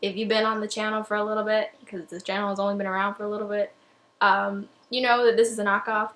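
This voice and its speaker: A woman's voice: medium pitch, flat delivery, fast, a bit bright, low-quality recording. Chatty young woman doing a makeup tutorial. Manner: chatty, rambling, self-deprecating. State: out of breath. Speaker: beauty vlogger. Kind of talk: casual makeup tutorial talk-through.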